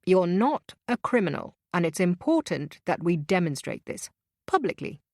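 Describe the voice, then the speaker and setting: Glib male boss with a persuasive drawl, slightly higher and louder than the narrator, read by a woman. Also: very animated, moderate pace, no room sound, clean studio sound. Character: glib smooth-talking male law firm boss.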